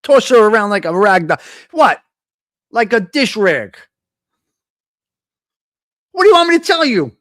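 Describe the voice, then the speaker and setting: A man's voice: sits high, big pitch swings, unhurried, pauses often, a bit bright, no room sound, clean studio sound. A middle-aged man hosting a live coffee-talk show, talking bluntly in a profane, ranting monologue. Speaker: host.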